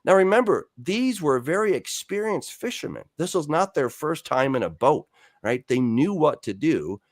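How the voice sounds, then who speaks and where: A man with a fairly high voice speaks at a moderate pace, recorded clean and dry in a studio. He's a Bible teacher and author discussing scripture conversationally, telling its stories with animation, voicing the quoted dialogue, and frequently restarting with fillers.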